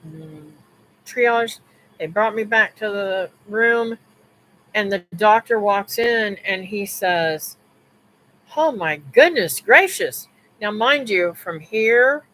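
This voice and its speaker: A woman's voice: medium pitch, slow, fairly bright tone, low-quality recording. A woman hosting a live stream, telling a personal story in a casual, rambling way with restarts, asides to viewers and religious remarks.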